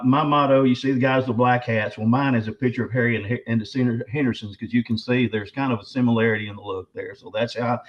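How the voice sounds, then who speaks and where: A man, a guest telling stories in a rambling, emphatic way with many restarts, his voice slightly quivering with emotion. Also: mid-range voice. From Arkansas. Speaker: guest author and Bigfoot researcher. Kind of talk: casual interview storytelling. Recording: slightly dull lo-fi audio.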